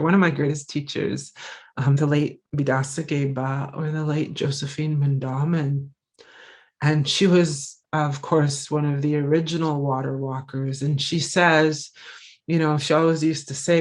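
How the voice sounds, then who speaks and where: A woman giving a lecture, telling a personal story in an earnest, reflective way, pausing often and restarting her phrases. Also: sits low, darkish tone. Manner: reflective, halting, with frequent pauses and restarts; earnest, heartfelt. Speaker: visiting scholar giving a lecture.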